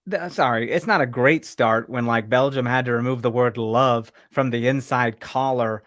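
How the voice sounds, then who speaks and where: A man's voice: mid-range voice, moderate pace, fairly bright tone, no room sound, clean studio sound. A young man co-hosting a casual sports podcast, joking and teasing his co-host in a playful way.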